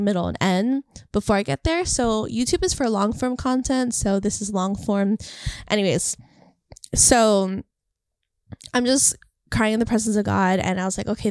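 A woman's voice: medium pitch, no room sound, studio quality. A young woman talking casually and earnestly to camera about faith and encouragement, rambling and heartfelt. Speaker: faith vlogger. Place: California.

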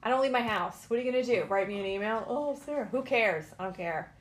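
A woman's voice: medium pitch, fast. A woman in her late thirties hosting a casual solo podcast from home, blunt, sarcastic and defiant. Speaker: podcast host.

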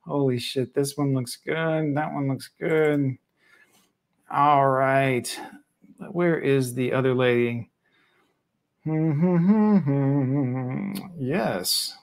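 A man's voice: mid-range voice, very slow. A man hosting a live stream, reacting bluntly and profanely to a clip and greeting viewers. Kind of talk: casual live stream commentary.

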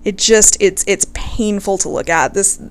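A woman's voice: medium pitch, unhurried. A woman casually telling a history story to her viewers, gushing over her subject, swearing freely and close to tears.

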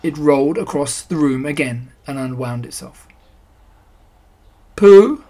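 A reader narrating a children's storybook in a gentle, even telling. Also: mid-range voice, normal speed. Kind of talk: storybook reading.

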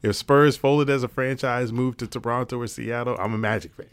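A man's voice: mid-range voice, fairly even intonation, a little fast, clean tone, no room sound. A man co-hosting a casual sports chat, laid-back, swearing freely and laughing often. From Florida. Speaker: podcast co-host.

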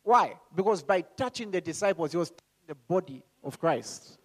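High voiced guy preaching, calm and slow then loud, keeps asking the church questions. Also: slight background noise. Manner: asks the congregation questions and acts out voices. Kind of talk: sermon.

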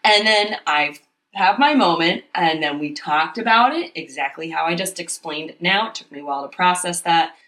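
A woman's voice: on the low side, normal speed. Frank woman telling a personal story. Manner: open, confessional, animated storytelling. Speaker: podcast co-host. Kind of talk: candid casual chat.

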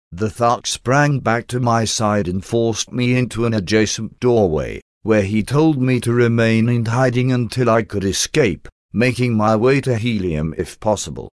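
A devoted young slave woman in an audiobook tale, read by a man in his own fairly low voice. She speaks earnestly and steadily, with a dry, close sound. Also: no room sound, close to an everyday voice.

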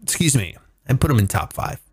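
Lively, animated American man. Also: fairly quick, slightly rough, no echo. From United States. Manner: animated, swears a lot, jumps into high silly voices for quotes. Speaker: podcast host. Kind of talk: casual comedic chat.

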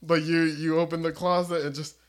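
A man's voice: a little high, level tone, brisk. Joking, rambling young man on a podcast. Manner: rambling, joking, restarts stories. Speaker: podcast co-host. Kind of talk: casual chat.

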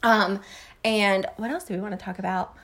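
A woman's voice: mid-range voice, fairly even intonation, moderate pace, a bit bright. A young woman co-hosting a podcast in casual chat. She laughs often and acts out what other people said. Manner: chatty, laughs often, quotes people in voices. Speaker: podcast co-host.

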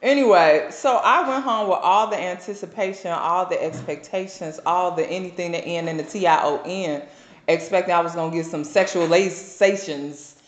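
A woman, co-hosting a podcast and telling a lively story with plenty of laughter. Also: on the low side, moderate pace. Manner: animated storytelling, laughs often. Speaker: podcast co-host. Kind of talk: casual chat. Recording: echoey room.

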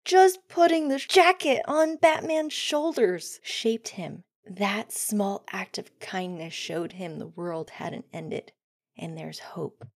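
A woman hosting a solo podcast, talking earnestly and often dropping into soft near-whispers. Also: mid-range voice, slow, no room sound, studio quality. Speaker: podcast host.

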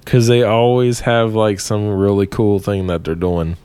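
Low-voiced, joking man. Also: level tone, unhurried, warm tone, clear, resonant tone, dry recording. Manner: easygoing and joking. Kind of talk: casual podcast chat.

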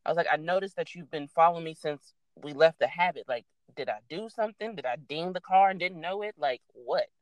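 A young adult woman casually telling a story, animated and swearing freely as she acts out what people said. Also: low voice, fairly quick, hardly any pauses, no echo.

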